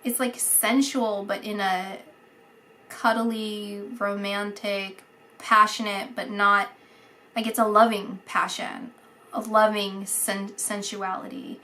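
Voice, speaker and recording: A woman giving a casual psychic reading, halting and searching for words, dropping to a whisper at times. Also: mid-range voice. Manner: soft, dreamy, drops to a whisper at times. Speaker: psychic reader.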